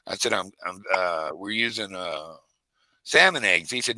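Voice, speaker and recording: A man spinning a long fishing yarn in a loose, drawling way, stumbling over his own words. His voice sits a bit low but rings bright and forceful. The sound is close and dry. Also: moderate pace, dry recording, low-quality recording. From Texas. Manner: rambling, drawling, many restarts. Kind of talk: casual chat, storytelling.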